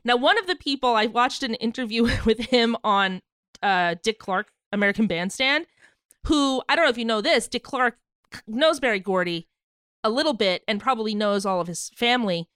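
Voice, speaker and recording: Brief: woman podcast co-host, fairly high voice, dry close sound, chatty with lots of laughs and ums. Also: animated, a bit bright, smooth, dry recording. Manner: laughs often, halting with fillers. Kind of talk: casual chat.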